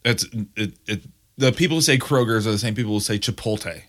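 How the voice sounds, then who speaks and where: A man's voice: on the low side, fast talker, fairly bright tone. A man from Michigan co-hosting a podcast, joking and teasing in casual chat. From Grand Rapids, Michigan. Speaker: podcast co-host. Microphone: studio microphone.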